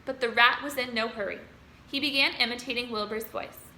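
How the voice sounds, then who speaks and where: A woman teacher reads a children's story aloud in an expressive way. Her voice is high and bright, and the room around her is echoey. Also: brisk, slight background noise. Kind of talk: reading a children's novel aloud. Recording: roomy room echo.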